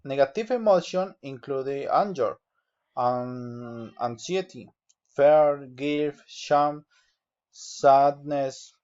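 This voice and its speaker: A man's voice: medium pitch, darkish tone, smooth. A young adult man, a student whose first language is Spanish, reading a phonetics exercise aloud, word by word and sentence by sentence. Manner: slow, deliberate reading of word lists and sample sentences. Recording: dull lo-fi recording.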